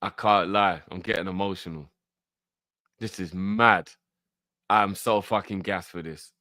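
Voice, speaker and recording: A man reacts live to a trailer for his fan channel, talking in excitable, slangy bursts. His voice sits a little low and sounds close and dry, with little room around it. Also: slow pace, no room sound.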